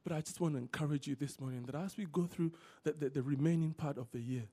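Guy preaching, higher voice, keeps repeating the key words, gets lively telling stories. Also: quick pace. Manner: animated storytelling. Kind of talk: sermon.

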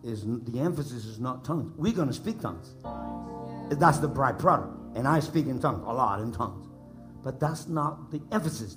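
A man from the United States preaching a sermon to a congregation, emphatic and repeating lines for them to echo back, building to shouts. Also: mid-range voice. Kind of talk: sermon with call-and-response. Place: church service before a congregation.

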